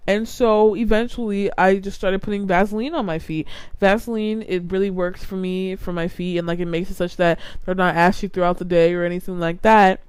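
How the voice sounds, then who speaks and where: A woman's voice: mid-range voice, moderate pace, a little mellow, clean tone, no room sound. A young adult woman hosting a podcast, ranting casually and with exasperation, full of "like" fillers. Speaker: podcast host.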